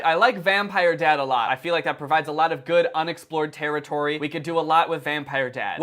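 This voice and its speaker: A young man giving sarcastic comedic commentary on online videos with deadpan asides. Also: high-pitched. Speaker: commentary youtuber.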